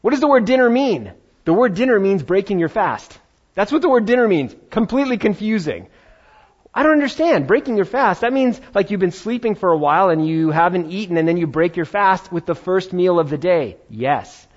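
Lively pastor man, slightly high voice. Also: a little fast. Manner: conversational, animated, playful asides. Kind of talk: sermon. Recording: dull lo-fi sound.

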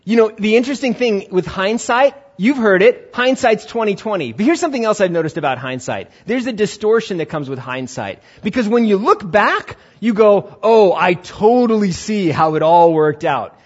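A male pastor preaching a lively sermon and acting out quotes as he goes. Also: sits high, moderate pace, few pauses, breathy edge. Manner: animated, acts out quotes. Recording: dull lo-fi recording.

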